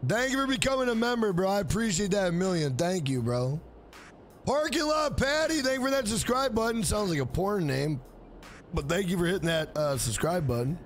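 A man's voice: sits high, big pitch swings, fairly quick, slight background noise. A man around forty, streaming a game live, hyping up and thanking his chat in a casual, profane way. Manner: hyped, profane, reads out viewer names.

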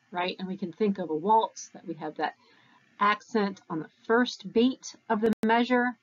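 A woman's voice: medium pitch, normal speed, highs cut off. A woman giving a recorded university lecture in a conversational way, correcting herself as she goes and counting beats aloud.

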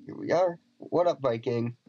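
This gameplay commentator has a warm, medium-pitched voice and speaks at a moderate pace. He jokes casually while playing, reads the game's lines aloud, and mutters little asides. Faint game music sits behind a dull, lo-fi recording.

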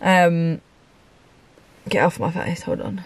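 A woman's voice: lowish voice, fairly even intonation, moderate pace, darkish tone. A woman vlogging to camera in a chatty, loose way, with lots of ums and casual swearing. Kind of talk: casual vlog chat to camera.

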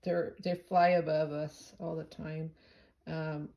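A woman's voice: deep voice, level tone, slow pace, creaky, rough recording. A woman vlogging in a casual, rambling way, talking to her viewers and cooing at her pet. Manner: chatty, rambling, with gentle baby talk to her pet. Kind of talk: casual chat to camera.

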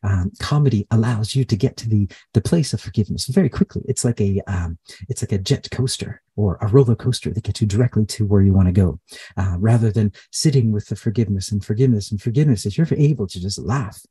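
A man's voice: on the low side, fast talker, mellow, breathy edge, dry recording. A man channeling a playful, cheerful male spirit being in a live session, repeating himself and reassuring listeners. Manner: bubbly, repetitive, reassuring.

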